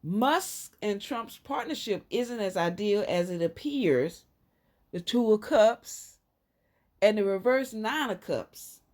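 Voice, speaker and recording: A woman with a Southern US accent giving a casual tarot reading, talking in an emphatic, rambling way that jumps up high and loud when she makes a point. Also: expressive, slow pace. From Southern United States. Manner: emphatic, rambling, frequent sudden jumps up in pitch and loudness. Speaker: tarot reader.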